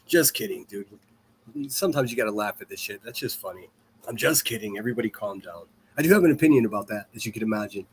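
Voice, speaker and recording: A man's voice: lowish voice, expressive, fast talker, slight background noise. A man hosting a livestream, ranting in a profane, mocking and rambling way, often repeating himself. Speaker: livestream commentary host.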